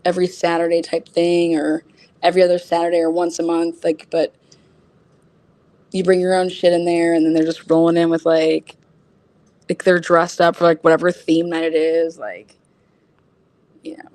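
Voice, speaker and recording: A woman telling a story in a casual, animated way, often laughing, using lots of fillers, and acting out other people's lines in a raised voice. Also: lowish voice. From United States. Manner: frequent fillers like "like" and "oh my God".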